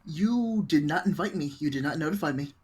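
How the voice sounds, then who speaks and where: A man's voice: a little high, animated, brisk, slightly rough. A man joining a casual chat show as co-host, talking in a dry, teasing way.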